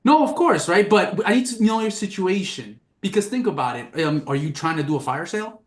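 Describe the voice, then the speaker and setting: A man's voice: high-pitched, lively intonation, a little fast, echoey room. A man playing an agent in a sales role-play, speaking in an earnest, reassuring salesman patter. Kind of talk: practising a sales call.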